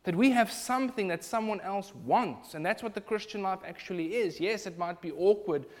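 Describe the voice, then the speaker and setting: A man's voice: high voice, moderate pace. A man preaching a sermon, emphatic and building in intensity.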